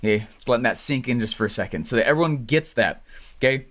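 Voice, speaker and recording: A man teaching an online business training, talking fast and animated, often checking in with "right?" and "okay?". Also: medium pitch. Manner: fast, animated, acts out quoted clients; keeps tagging lines with "right?" and "okay?". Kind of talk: energetic training talk to viewers.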